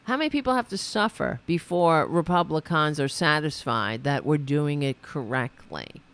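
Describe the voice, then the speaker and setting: A woman's voice: low-pitched, expressive, moderate pace. A woman hosting a political commentary livestream, talking in an indignant, sarcastic and profane way. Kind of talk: livestream commentary reacting to clips.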